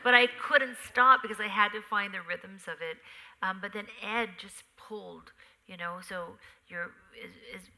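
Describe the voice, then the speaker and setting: Middle-aged woman onstage at a live talk, lively storyteller, super bright sharp voice. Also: medium pitch, moderate pace, creaky, poor audio. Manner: animated storyteller who acts out sounds. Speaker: memoir author guest on stage. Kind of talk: live on-stage conversation. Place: theater stage before a live audience.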